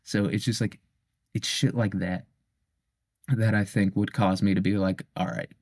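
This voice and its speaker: A man's voice: on the low side, level tone, a little slow, a little mellow, no echo, studio quality. Rambling, profane young man. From United States. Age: 20s. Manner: profane, rambling, laughs at his own jokes. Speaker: vlogger. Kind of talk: casual rambling monologue.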